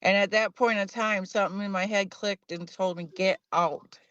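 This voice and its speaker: A woman's voice: medium pitch, steady tone, brisk, fairly bright tone, no room sound. A woman with a mid-range voice tells her own stories as a podcast guest. She is chatty and laughs lightly between her sentences. The sound is dry, dull and lo-fi. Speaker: medium and paranormal investigator guest. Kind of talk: casual storytelling.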